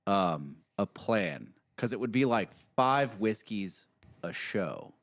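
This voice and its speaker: A man with a lowish voice hosts a casual podcast from his cigar shop. He talks easygoing and loose, letting sentences trail off before picking them back up, speaking into a studio mic. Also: expressive, takes it slowly. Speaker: podcast host and shop owner. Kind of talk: casual chat. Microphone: podcast mic with headphones.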